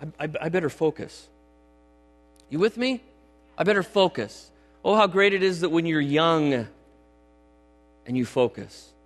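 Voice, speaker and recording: A man's voice: on the high side, lively intonation, measured pace, pauses often. Middle-aged male pastor, emphatic and conversational. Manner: conversational, emphatic, often checks in with the audience. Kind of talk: sermon. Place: church sanctuary. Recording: long hall reverb with mains hum.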